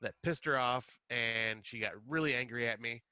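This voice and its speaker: Young guy podcast cohost, jokey self-mocking storyteller, bright tone, dry close mic. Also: mid-range voice, moderate pace, clean tone, dry recording. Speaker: podcast co-host. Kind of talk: casual chat, storytelling.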